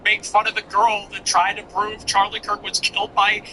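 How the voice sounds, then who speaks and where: A man's voice: sits high, monotone, normal speed, sharp tone, a little hiss or hum, low-quality recording. A man putting on a whiny, defensive voice to mock a female political commentator in a sarcastic, sing-song way.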